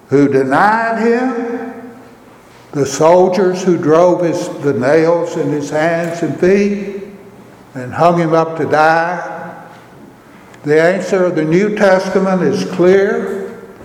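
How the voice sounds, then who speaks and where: A man preaching a sermon, telling the story in a slow, measured way. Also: on the high side, darkish tone, roomy sound, big-room sound, rough recording.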